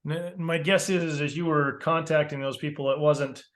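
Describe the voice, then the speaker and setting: A man's voice: a little high, fairly even intonation, normal speed, a bit bright. A man hosting a podcast interview, asking questions and framing them with his own guesses. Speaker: podcast host.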